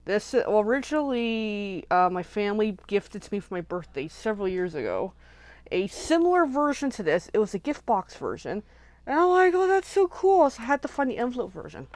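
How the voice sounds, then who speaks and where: A woman's voice: mid-range voice, very animated, brisk, darkish tone, dry recording. A woman hosting a casual live crafting session, chatting and rambling as she thinks aloud while she works at her craft desk. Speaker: craft channel host.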